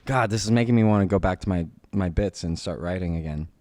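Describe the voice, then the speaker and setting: A man co-hosting a podcast, talking in casual chat with halting restarts. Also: sits low, mellow, no room sound. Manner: halting, with many restarts and fillers. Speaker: podcast co-host, poker player.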